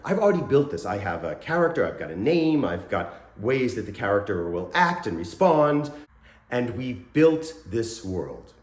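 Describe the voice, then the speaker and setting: A man's voice: lowish voice, moderate pace. A man, a scare actor, casually explaining acting techniques and briefly acting out lines in a raised voice. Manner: animated, acts out short scene lines in a raised voice. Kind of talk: casual instructional talk to camera. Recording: roomy echo.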